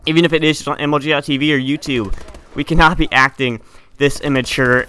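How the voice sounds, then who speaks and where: A man's voice: mid-range voice, pushed and bright, clean tone. A teenage boy giving a heated, indignant opinion rant on his gaming channel, often stumbling and restarting his sentences. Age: teens. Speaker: gaming YouTuber.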